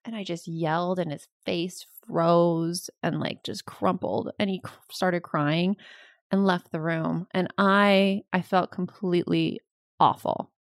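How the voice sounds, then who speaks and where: A woman co-hosting a casual podcast, chatty and animated, often laughing as she talks. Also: lowish voice, measured pace, dry recording. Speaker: podcast co-host. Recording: dry close recording.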